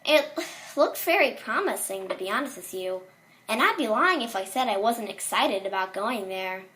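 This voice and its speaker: A woman's voice: mid-range voice, lively intonation, normal speed, sharp tone. A woman reading a horror story aloud in a casual way, with small slips and restarts.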